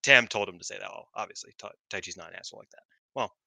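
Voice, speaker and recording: A man chatting casually on a podcast, an animated storyteller who swears freely and says "like" a lot. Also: fairly low pitch, rapid-fire, vocal fry, no echo. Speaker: wrestling podcast panelist.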